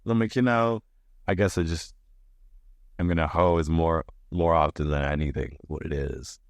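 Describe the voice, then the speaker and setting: A man co-hosting a podcast in casual chat, laughing often and acting out quoted lines in higher voices. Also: fairly even intonation, moderate pace, no room sound. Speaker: podcast co-host.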